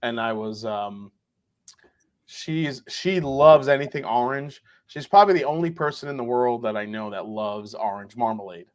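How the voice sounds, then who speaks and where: A man's voice: medium pitch, animated, normal speed. A man who is a guest on a live whiskey tasting, chatting in a rambling, joking way and swearing casually. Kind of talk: casual chat, live stream.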